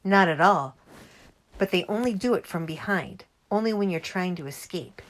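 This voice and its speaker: Woman reads an eager middle-aged dad spinning a yarn; lowish, animated storybook voice. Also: normal speed, close to an everyday voice. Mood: storytelling. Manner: lively, relishing the tale. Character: cheerful storytelling father, middle-aged man.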